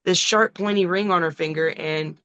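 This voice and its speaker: A middle-aged woman, a wrestler, telling a long story in a casual, profane, animated way. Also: on the low side, moderate pace, muffled recording. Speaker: wrestling guest.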